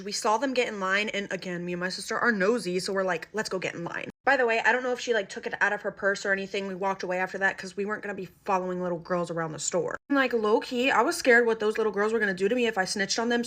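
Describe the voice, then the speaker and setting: A woman telling a casual storytime vlog, animated and gossipy, filling her sentences with "like". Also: medium pitch. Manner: animated and gossipy, heavy use of "like". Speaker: storytime vlogger.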